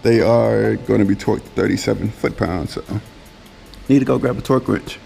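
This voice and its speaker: A man's voice: on the low side, moderate pace, gravelly, warm tone, faint music behind. A young man casually explaining a car repair in his garage, laid-back and slangy, with plenty of fillers. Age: young adult. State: losing his voice, coughing. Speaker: car vlogger. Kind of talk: casual how-to vlog.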